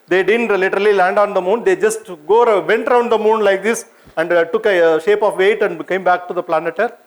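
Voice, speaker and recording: Indian man, senior scientist type, lecturing a public audience; high voice, hesitant, lots of "uh", chatty with the crowd. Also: low-quality recording. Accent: Indian English. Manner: hesitant, many fillers and restarts; asks the audience questions, conversational. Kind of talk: informal lecture with slides.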